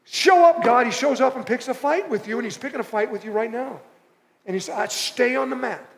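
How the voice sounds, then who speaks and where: A man with an extremely high-pitched voice preaches a little fast as pastor in a church auditorium. Conversational in style, he drives home points by repeating short phrases, all under the long reverb of the hall.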